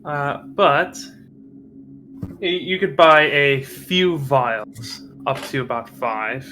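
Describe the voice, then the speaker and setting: A man running a tabletop game as game master, pausing often with filler sounds. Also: medium pitch, pushed and bright, faint music behind. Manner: hesitant, frequent filler sounds.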